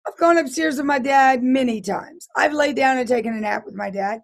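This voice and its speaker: A hoarse middle-aged woman, a guest telling her life story in an interview in an earnest, halting way with frequent restarts. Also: sits high. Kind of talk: personal testimony interview.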